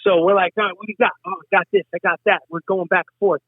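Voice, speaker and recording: Animated New man, tinny phone-like sound. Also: high-pitched, fast talker, dry recording. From Westchester, New York. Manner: profane, animated, acts out quotes. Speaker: guest, hip hop artist. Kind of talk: casual storytelling.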